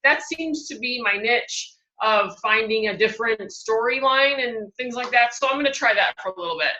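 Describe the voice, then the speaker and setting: A woman who works as a fitness coach, talking relaxed and candid in a group chat. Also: a little high, moderate pace, roomy sound, muffled recording.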